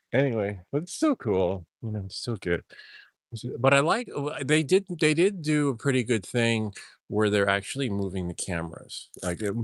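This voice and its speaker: A man's voice: mid-range voice, sing-song, normal speed, dry recording. A man vlogging and telling a rambling story, chuckling as he goes and often trailing off and restarting. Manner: chuckles through his stories, trailing off and restarting.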